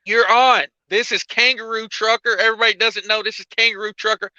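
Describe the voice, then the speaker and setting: Deadpan joking trucker host, high bright smooth voice, dull stream audio. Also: male voice, fairly quick, no room sound. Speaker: livestream host. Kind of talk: casual livestream chat.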